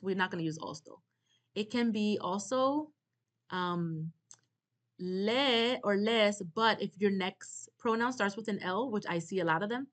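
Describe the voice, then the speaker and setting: A woman's voice: mid-range voice, fairly bright tone. Female instructor, lecture style, patient step-by-step explanations to students. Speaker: Spanish teacher.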